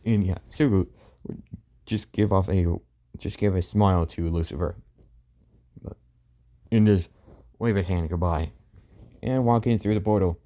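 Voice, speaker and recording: A man improvising a fan story, rambling and filling pauses with "and yeah.". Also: low-pitched, dark tone.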